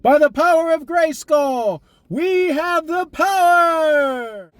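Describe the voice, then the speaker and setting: A man doing an impression of He-Man, a heroic sword-wielding cartoon prince, with a booming drawn-out battle cry. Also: animated, a bit bright, full character voice. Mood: triumphant.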